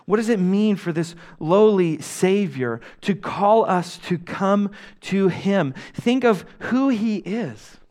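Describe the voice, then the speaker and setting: Earnest young male preacher, slow and high. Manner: earnest preaching, swings between loud emphasis and soft hushed lines. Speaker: pastor. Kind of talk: sermon.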